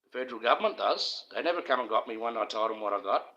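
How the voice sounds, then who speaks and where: A man's voice: medium pitch, animated, very fast, sharp tone, muffled recording. A middle-aged Australian man talking on his own livestream, rambling in an aggrieved, conspiratorial way and speaking straight to his viewers. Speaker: livestream host.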